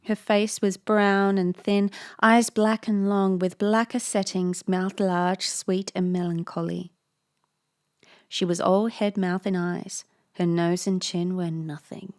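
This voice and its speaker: A woman's voice: medium pitch, little pitch movement, slow, smooth. A woman reading a Victorian ghost story aloud, breaking off now and then for playful, self-mocking asides. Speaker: reader, narrator.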